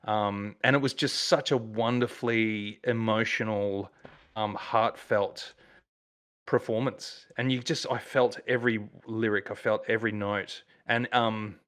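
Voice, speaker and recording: A man with an Australian accent, a musician guest chatting casually and telling rambling, excited stories full of fillers. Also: lowish voice, unhurried. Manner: enthusiastic, rambling storyteller with many fillers. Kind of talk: casual chat.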